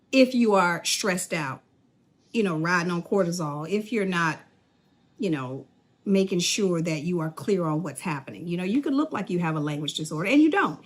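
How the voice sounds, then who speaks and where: A woman's voice: mid-range voice, a bit bright. Chatty woman in her fifties. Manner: chatty, laughs often, addresses viewers directly. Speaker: speech-language pathologist and vlogger. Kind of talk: casual talk to camera. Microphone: phone or device camera.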